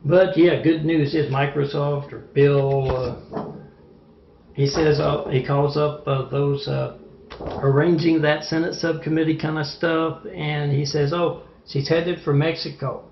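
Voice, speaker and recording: A man with a slightly high, gravelly voice rambles through an agitated monologue, stumbling over fillers as he goes. The sound is muffled and lo-fi, bouncing around a reverberant room. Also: flat delivery, a little slow, a little hiss or hum. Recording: echoey, muffled lo-fi room recording.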